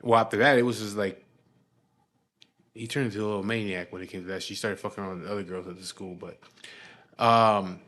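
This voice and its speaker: A man's voice: fairly low pitch, a bit bright, slight background noise. A man with a Chicano English accent telling a rambling, profane story from his past in casual speech, full of fillers and restarts.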